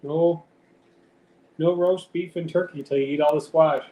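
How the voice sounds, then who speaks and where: A man's voice: fairly high pitch, fairly even intonation, a little slow, warm tone. A man live streaming from home in casual chat, teasing and talking to his cat. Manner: teasing, talks baby-talk to his cat. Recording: echoey room, faint background noise.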